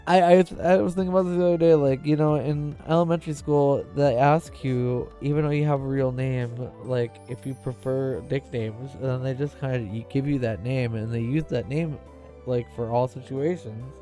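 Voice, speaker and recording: A young man streaming live, chatting casually and swearing while reading a visual novel, with excitable, repetitive rants. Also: medium pitch, normal speed, soft background music.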